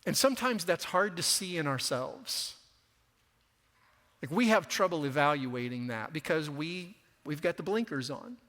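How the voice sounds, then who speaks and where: Bright-voiced preacher in a reverberant church. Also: male voice, on the high side, expressive, unhurried. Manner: conversational, acts out quoted voices. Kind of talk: sermon. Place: church sanctuary.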